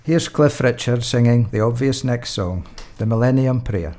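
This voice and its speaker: A radio host, a man, takes his part in a comedy sketch with wry, deadpan timing. His voice sits at an ordinary middle pitch, and he recites lines and slips jokes between them. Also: normal speed.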